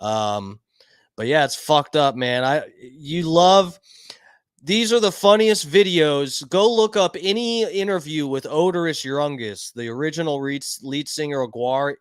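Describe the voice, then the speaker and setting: A man's voice: on the high side, lively intonation, normal speed, smooth, no echo. A man hosting a stream in casual, profane chat, reacting with laughter. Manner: laid-back, swears a lot, laughs along. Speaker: stream host.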